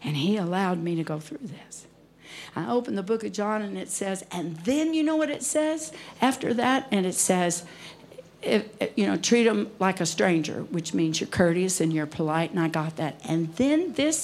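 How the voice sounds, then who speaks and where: A woman's voice: mid-range voice, expressive, normal speed, darkish tone, a little hiss or hum. A woman preacher telling a personal story in a sermon, emotional and at times dropping to near whispers. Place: conference hall.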